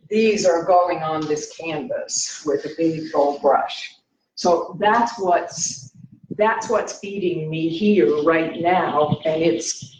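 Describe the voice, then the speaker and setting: Recorded on her laptop's mic in an echoey studio, an American woman who paints rambles and halts as she thinks aloud in casual chat, a bit out of breath. Her voice is low-pitched, and the rough recording carries a little hiss or hum.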